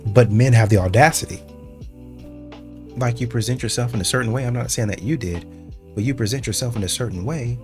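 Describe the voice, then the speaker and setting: A male host reacting to video clips, building his argument in a measured, deliberate way. His voice is mid-pitched, with faint background music. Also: darkish tone. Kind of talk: commentary on clips.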